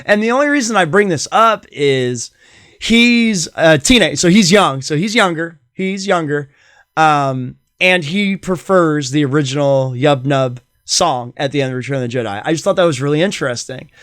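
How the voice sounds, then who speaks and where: A man's voice: fairly high pitch, lively intonation, normal speed, a bit bright, no echo, studio quality. A middle-aged man hosting a casual solo podcast, rambling enthusiastically with many fillers. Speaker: podcast host.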